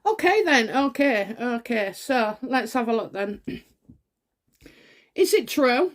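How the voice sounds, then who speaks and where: A middle-aged woman chatting to camera as host of her tarot channel. Her voice sits a little on the high side, and she talks in an excitable, rambling way, full of fillers and restarts. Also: slow pace. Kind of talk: casual chat to camera.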